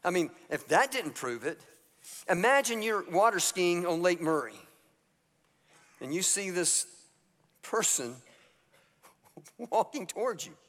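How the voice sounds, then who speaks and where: In a church sanctuary, a male pastor with a high, slightly bright voice and lively intonation preaches slowly, leaving long pauses. He retells Bible stories casually, acting out the characters' lines, and the hall's reverb carries through the recording.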